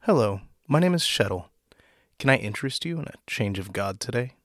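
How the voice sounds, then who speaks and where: A man's voice: mid-range voice, animated, a little fast, no room sound, clean studio sound, lightly acted. A man voicing an eager male door-to-door salesman of gods, with chirpy, ingratiating patter in a storybook reading.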